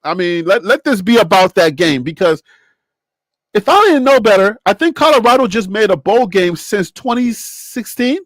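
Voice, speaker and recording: Man, high voice, dry close sound, emphatic casual sports talk, laughs a lot. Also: expressive, moderate pace, fairly bright tone, dry recording. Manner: emphatic, laughs often, preachy. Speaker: sports show co-host.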